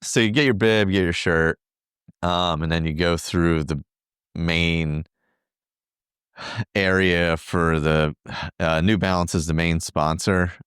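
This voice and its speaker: Man, very low voice, smooth and clear, dry close recording, casual rambling podcast chat. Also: steady tone, takes it slowly, long pauses, fairly bright tone, no echo. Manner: rambling, filler-heavy storytelling. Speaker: podcast co-host.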